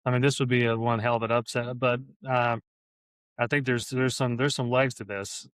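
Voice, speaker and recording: A man's voice: medium pitch, level tone, normal speed, smooth, no room sound. A man co-hosting a sports podcast, chatting in an easygoing way. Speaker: podcast co-host. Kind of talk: casual chat.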